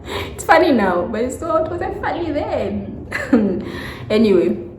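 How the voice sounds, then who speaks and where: A woman's voice: sits high, takes it slowly, slight background noise. Twenty-something woman doing a storytime vlog, acts out everyone, laughs a lot, echoey room. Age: 20s. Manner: animated, acts out the people she quotes, laughs often. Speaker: vlogger.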